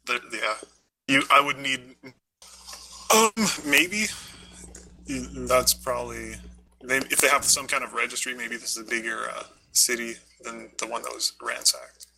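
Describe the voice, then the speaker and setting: A man's voice: mid-range voice, measured pace, gravelly, sharp tone, rough recording. A man playing a tabletop game, joking and bantering as his character. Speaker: player.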